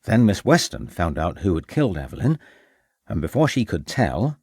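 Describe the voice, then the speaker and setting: A man's voice: deep voice, very animated, moderate pace, a little mellow, husky, exaggerated voice. A man voicing a blunt, plain-spoken Victorian police constable.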